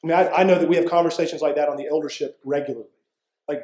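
A man's voice: fairly high pitch, steady tone, very fast, darkish tone, echoey room, rough recording. A man preaching a sermon as pastor, earnest and conversational, often checking in with the congregation. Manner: earnest, conversational preaching with frequent "right?" asides.

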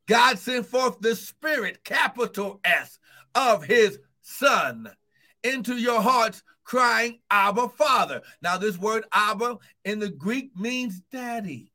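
High-pitched, fervent preacher man. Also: expressive, slow pace. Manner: fervent, bursts into shouts of "woo, glory"; calls out repeated encouragements to listeners. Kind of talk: sermon. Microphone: streaming live to online viewers.

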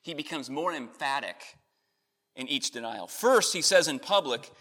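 A man preaching a sermon, earnest, rising in emphasis on key points and then softening. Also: a little high, animated, moderate pace. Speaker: pastor. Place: church in Connecticut.

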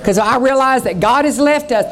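A woman's voice: high-pitched, moderate pace, a little hiss or hum. A woman pastor preaching a revival sermon, fervent and dramatic, acting out the voices of scripture.

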